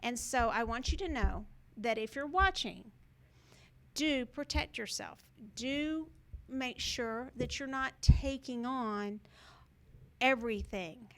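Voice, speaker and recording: A woman's voice: fairly high pitch, slow. A woman hosting a show, telling a personal story to viewers in a rambling, earnest way with many fillers and restarts. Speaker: show host.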